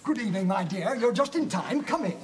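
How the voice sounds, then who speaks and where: An actor playing a fussy, prim older town clerk. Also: male voice, high voice, lively intonation, fairly quick. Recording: hissy old TV soundtrack.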